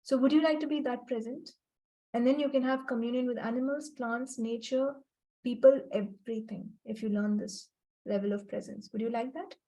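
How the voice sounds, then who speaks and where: A woman's voice: fairly high pitch, fairly even intonation, normal speed, mellow, rough recording. Earnest woman teaching a group call. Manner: earnest, repeats points for emphasis, acts out quoted lines. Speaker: facilitator of a healing book club call.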